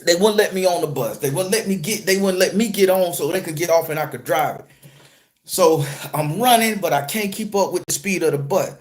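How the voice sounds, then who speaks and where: A man telling a personal story in a casual, profane, joking way, jumping from loud excited retelling to a low murmur. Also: a little fast. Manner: crude, joking, streetwise slang. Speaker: spiritual content creator and tarot reader.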